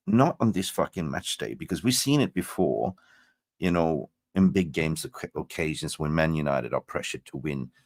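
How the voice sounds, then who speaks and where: A man guesting on a fan stream, casual and animated, swearing freely, tired after just waking up. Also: very deep voice, dry recording. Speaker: guest fan content creator.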